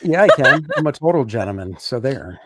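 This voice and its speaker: A man's voice: medium pitch, very animated, fairly quick, very noisy. A man co-hosting an interview show, chatting casually and trading teasing jokes with a guest. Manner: joking, teasing banter. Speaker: co-host.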